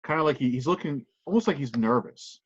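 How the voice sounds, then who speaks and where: A man's voice: medium pitch, animated, fast, husky, no echo. Male game master narrating an online session; dull dry recording.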